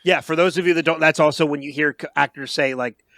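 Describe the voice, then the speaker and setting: A man's voice: fairly high pitch, steady tone, fast, pushed and bright, no room sound, studio quality. A man co-hosting a casual film review podcast, patiently explaining things for the listeners. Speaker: podcast co-host.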